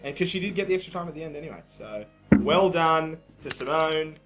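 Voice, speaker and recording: A man co-hosting a podcast, recapping reality TV and pitching his ideas in a chatty, laughing way. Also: lively intonation, fairly quick, loud music behind the voice, low-quality recording. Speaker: podcast co-host. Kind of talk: casual chat.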